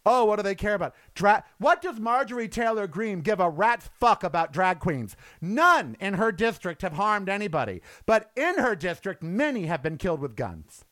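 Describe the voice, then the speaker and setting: A middle-aged man rants on his show in a high voice that leaps all over the place. He curses freely and drops from loud outbursts to low, tired asides. The sound is dry and close. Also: very animated, normal speed, hardly any pauses, dry recording. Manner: angry, profane, swinging between loud outbursts and low weary asides. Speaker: show host. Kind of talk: impassioned political rant.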